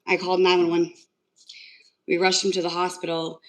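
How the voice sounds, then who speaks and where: A woman's voice: fairly low pitch, completely flat delivery, moderate pace, poor audio. A young woman talking casually on a livestream, telling a story in an emotional, rambling way with lots of fillers. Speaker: livestream host.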